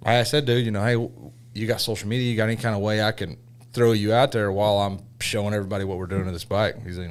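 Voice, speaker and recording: A fired-up man with a drawl, talking in casual podcast chat. His voice sits fairly low, and he cusses and punches his points with real emphasis. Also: fairly even intonation, quick pace, clear, resonant tone. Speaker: custom motorcycle shop owner.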